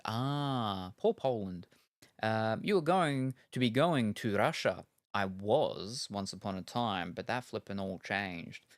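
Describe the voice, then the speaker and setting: A man's voice: fairly low pitch, no room sound, studio quality. A male streamer in casual chat while gaming, rambling and joking with lots of ums and uhs. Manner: rambling and jokey, with many fillers.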